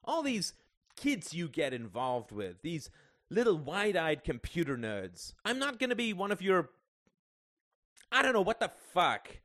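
A man reading the part of a young adult son, a bass player, guarded and quick to curse. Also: very animated, no room sound, studio quality. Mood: angry. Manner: guarded, then cursing.

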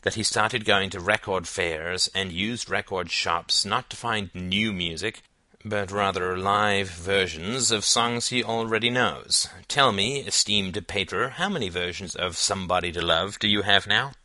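A man's voice: sits low, unhurried, pushed and bright, dry recording, full character voice. A man voicing a wry, sarcastic teenage boy in an audiobook, dry and mocking in tone. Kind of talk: audiobook character voice.

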